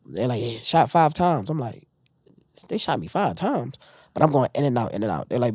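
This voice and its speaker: A man tells his story in a relaxed interview and acts out the voices of the people around him. The sound is close and dry. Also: mid-range voice, a little fast, husky, no room sound. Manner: animated retelling, acting out others' lines. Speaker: podcast guest. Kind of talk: casual storytelling.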